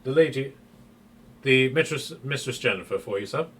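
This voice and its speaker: A man's voice: medium pitch, normal speed, a bit bright, recorded from a distance, close to an everyday voice. A refined male head of staff answers with starched politeness, as a man puts him on. Every phrase is formal and correct. Faint room noise hums behind him. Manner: stiff, polite butler speech.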